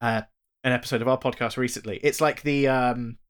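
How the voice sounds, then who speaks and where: A man's voice: medium pitch, steady tone, fairly quick, smooth. Chatty male podcast co-host. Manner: rambling, chatty recounting with fillers. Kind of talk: casual chat.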